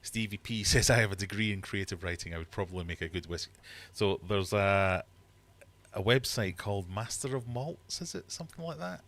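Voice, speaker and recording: Deep-voiced man, animated storytelling. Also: fairly quick. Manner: animated storyteller, exasperated outbursts. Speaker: livestream host. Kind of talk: casual livestream chat. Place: home fish room.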